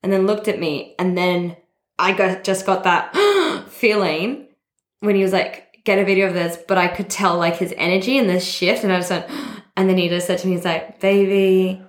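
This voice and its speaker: A woman hosting a podcast, telling a story in a bubbly, excitable way and laughing often. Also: medium pitch, moderate pace, echoey room. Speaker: podcast host. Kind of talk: casual storytelling chat.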